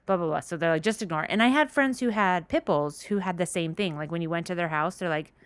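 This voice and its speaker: A woman with a lowish voice chats as a podcast co-host, breaking into laughter and swearing as she tells stories. The sound is close and dry, with no room around it. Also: fast talker, clean tone, dry recording. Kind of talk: casual chat.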